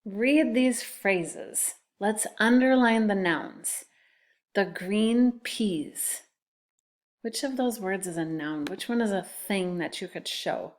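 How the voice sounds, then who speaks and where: A woman teacher speaks slowly and patiently to young children, stretching out each syllable. She spells words letter by letter in a gentle, unhurried lesson voice. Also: medium pitch. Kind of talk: recorded classroom phonics lesson.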